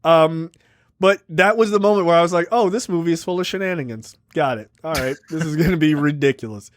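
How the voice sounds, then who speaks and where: Podcast co-host, male, slightly high voice, loose rambling recap, dead dry sound. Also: fairly quick, no room sound. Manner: recaps plot loosely with lots of fillers and joking asides. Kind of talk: casual movie review chat.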